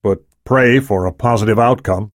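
A man's voice: lowish voice, moderate pace, no echo, studio quality, close to an everyday voice. A man voicing a matter-of-fact male spy official in an audiobook.

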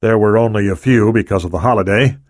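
A man's voice: fairly low pitch, fast talker, dry recording, clean studio sound, lightly acted. A man voicing a concerned male president in an audiobook.

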